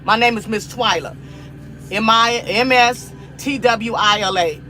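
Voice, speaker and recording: Bright-voiced emphatic American woman vlogger. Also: on the high side, unhurried, soft background music. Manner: emphatic, repetitive and preachy. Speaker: livestream cooking host. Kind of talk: casual live-stream talk to viewers.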